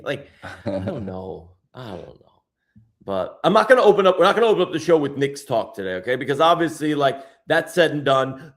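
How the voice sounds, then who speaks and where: A man hosting a podcast in casual chat, excitable and slangy, tossing "bro" around. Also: on the high side. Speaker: podcast host.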